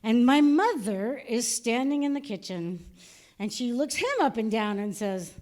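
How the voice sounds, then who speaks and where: At a live venue with an audience, a Canadian woman does a stand-up set, narrating a story and imitating her relatives. Her voice sits on the high side and has a darkish tone, animated yet delivered at a measured pace.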